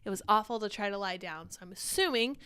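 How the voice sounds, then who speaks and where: A woman's voice: medium pitch, fast talker, sharp tone, clean tone. A young woman hosting a casual live-stream show, chatting animatedly and reading viewer comments aloud, a little short of breath. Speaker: livestream show host.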